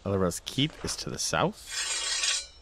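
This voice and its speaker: Deep-voiced man chatting over gameplay. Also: sing-song, slow, very noisy. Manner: chatty, talks to himself, reads game text aloud. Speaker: let's play host. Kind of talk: casual gameplay commentary.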